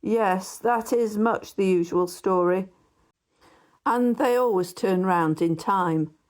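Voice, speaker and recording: A woman voicing a gossipy male Victorian barrister neighbour in an audiobook, confiding and hushed at times. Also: medium pitch, slow pace, close to an everyday voice. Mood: gossiping.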